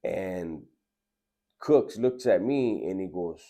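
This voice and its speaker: Man, low-pitched, casual earnest storytelling. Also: expressive, takes it slowly, mellow, lo-fi sound. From Southern California. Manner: laid-back, slangy, earnest.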